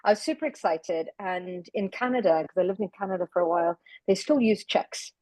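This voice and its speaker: Brief: woman from the UK, podcast guest, warm-up chatty and reflective, mid-pitched, recorded dry and close. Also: brisk, dry recording, rough recording. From United Kingdom. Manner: animated, reflective, repeats words. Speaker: podcast guest, spiritual practitioner. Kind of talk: casual podcast conversation.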